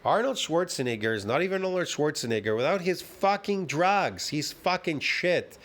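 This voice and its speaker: A man's voice: fairly high pitch, lively intonation, normal speed, a bit bright. Swearing man ranting heatedly. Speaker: fitness commentator reacting to a video. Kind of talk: profane reaction rant.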